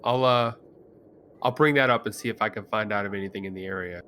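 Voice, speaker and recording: A man's voice: on the low side, quick pace, pushed and bright, slight background noise. A man playing his character at a tabletop game, hesitant and wry, with lots of fillers. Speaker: player.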